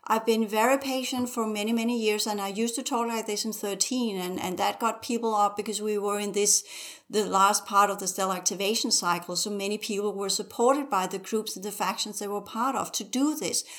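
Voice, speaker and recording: A woman's voice: mid-range voice, steady tone, a little fast. A woman teacher speaking as a podcast guest, urgently exhorting listeners with strings of rhetorical questions. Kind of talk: podcast conversation.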